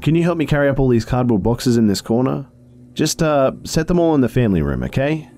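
Caring older father played by a man, hesitant speech, mellow tone, storybook. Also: medium pitch, big pitch swings, fast talker, pitched above the performer's own voice. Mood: friendly.

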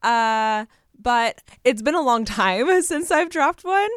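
A woman's voice: on the high side, lively intonation, slow, fairly bright tone, smooth, dry recording, studio quality. A woman telling a story in casual chat to viewers, laughing often and restarting her sentences. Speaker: co-host.

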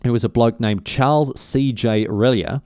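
A man's voice: medium pitch, normal speed, darkish tone, clear, resonant tone, no echo, studio quality. Rambling man telling history. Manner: rambling, many fillers and restarts, slangy. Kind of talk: casual history storytelling.

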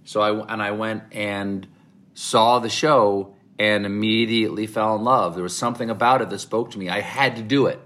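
Brief: southern-raised man, interview guest, low voice, animated storytelling with restarts. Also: moderate pace. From American South. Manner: animated, rambling, with frequent restarts.

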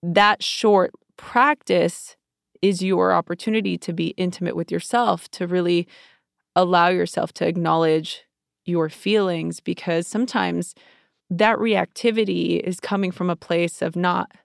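A woman's voice: fairly low pitch, steady tone, measured pace, gravelly, no echo, clean studio sound. A woman co-hosting an advice chat, talking earnestly and coaching through feelings. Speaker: co-host giving advice.

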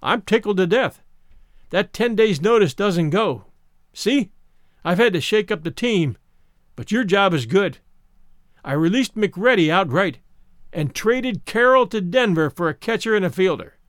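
A man's voice: high-pitched, expressive, a little slow, a bit bright, no room sound, studio quality. A man voicing a blunt, shrewd older baseball manager in a story. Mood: assertive. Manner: blunt, assertive.

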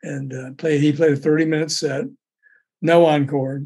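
Older man, casual storyteller, rambling, laughs often, slightly higher voice. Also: flat delivery, normal speed, darkish tone, breathy edge. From raised in Memphis. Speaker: storyteller guest. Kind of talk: casual anecdote telling.

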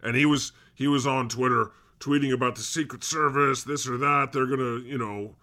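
A man's voice: mid-range voice, steady tone, normal speed, sharp tone, close to an everyday voice. A man playing a cranky, swearing God. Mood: irritable, sarcastic. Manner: grumbly and sarcastic, swears often. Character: God as a cranky, foul-mouthed male podcast host. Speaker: host. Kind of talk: improvised comedy podcast chat.

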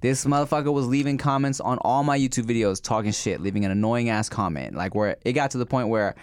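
Brief: a man with a smooth, clear voice and a mid pitch, telling stories with energy, recorded close and dry. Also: fast, dry recording. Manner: animated storyteller, frequent listening murmurs. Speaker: podcast co-host. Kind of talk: casual chat.

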